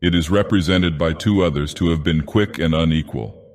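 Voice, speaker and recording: A man doing Dagoth Ur, deep and echoing. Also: moderate pace. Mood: brooding. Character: deep-voiced godlike male villain reading a tale. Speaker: audiobook narrator. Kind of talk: storybook narration in character. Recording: long hall reverb.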